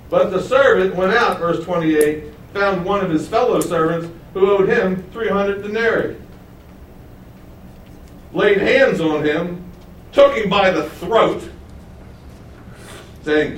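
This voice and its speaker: A man preaching a sermon. He reads verses, explains them, and acts out the speakers in a higher voice. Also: expressive, takes it slowly, long pauses. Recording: roomy echo, voice from a distance, faint background noise.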